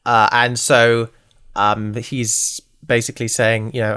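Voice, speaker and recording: A man's voice: medium pitch, measured pace, smooth. Rambling, joking man recapping a show. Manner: rambling, lively, full of asides and jokes. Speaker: podcast co-host. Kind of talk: casual chat recapping a TV series.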